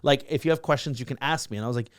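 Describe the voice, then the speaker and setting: Fast-talking young man telling stories. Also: medium pitch, no room sound, clean studio sound. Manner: fast, excitable, full of fillers and restarts. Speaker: guest, social media creator. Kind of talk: casual interview storytelling.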